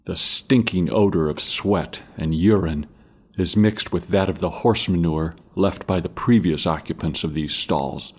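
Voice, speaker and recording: A man narrating a story in a grave, measured reading style. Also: low-pitched, breathy edge.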